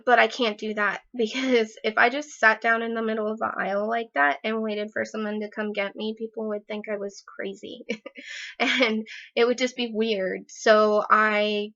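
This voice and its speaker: A woman with a bright, fairly high voice talks straight to camera in a casual vlog, rambling through fillers and laughing at herself. Her voice has a gravelly fry, and the recording sounds dull and lo-fi. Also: little pitch movement, normal speed. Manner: chatty, rambling, many fillers; self-deprecating laughs. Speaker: vlogger.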